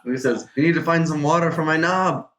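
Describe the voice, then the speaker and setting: A man hosting a gaming channel, reading an AI adventure story aloud in an animated way. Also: on the high side, brisk. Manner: animated, breaks into laughter. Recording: roomy echo.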